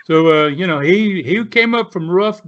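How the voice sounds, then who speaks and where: A man's voice: high-pitched, moderate pace, fairly bright tone, lo-fi sound. A man in his seventies, a retired wrestler, telling rambling stories with many fillers. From southern United States. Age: 70s. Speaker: guest, retired pro wrestler. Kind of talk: casual storytelling.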